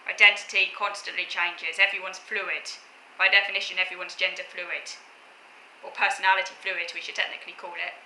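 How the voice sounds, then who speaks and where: A woman vlogger lays out her views in an earnest, lecturing way, often stopping and restarting her phrases. Her voice is very bright and sharp-edged. She sounds like she is in a roomy, echoey space with a faint hum of background ambience. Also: on the low side, little pitch movement, brisk. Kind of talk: explaining opinions to camera.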